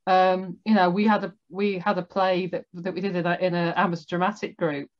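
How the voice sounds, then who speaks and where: A woman's voice: on the low side, little pitch movement, brisk, lo-fi sound. A woman with a Northern English accent, hosting an interview in a chatty way and laughing often. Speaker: host. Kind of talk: casual interview chat.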